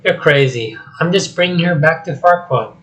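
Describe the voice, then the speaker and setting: A man voicing a grumpy, awkward male ogre while reading a script aloud, halting and mumbling. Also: fairly high pitch, a bit bright, lightly acted, poor audio. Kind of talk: solo script reading with voices.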